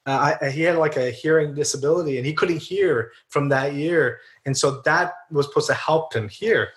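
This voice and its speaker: A man with a slightly higher voice tells stories in an easygoing, earnest way. He is chatty and loose, full of fillers and restarts. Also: moderate pace. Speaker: guest. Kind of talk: casual storytelling interview.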